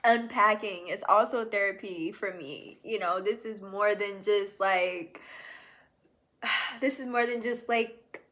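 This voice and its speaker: In a personal video journal, a young woman chats casually with her viewers, calling them y'all and using many fillers. She speaks slowly, in a reflective and heartfelt way. Her mid-range voice has a fairly bright tone.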